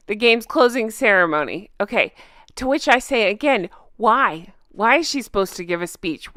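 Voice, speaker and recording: A woman talks straight to her viewers in a casual, exasperated rant. Her slightly high voice leaps up and down with lively swings, full of sarcasm. The sound is dry and close. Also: no room sound. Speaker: commentary channel host. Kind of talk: casual ranting commentary.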